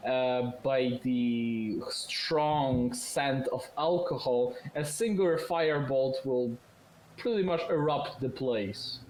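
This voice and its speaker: A man's voice: medium pitch, slow, darkish tone, roomy sound, rough recording. A man narrating as game master, explaining at length with fillers and restarts. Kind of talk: narrating a tabletop game over voice chat.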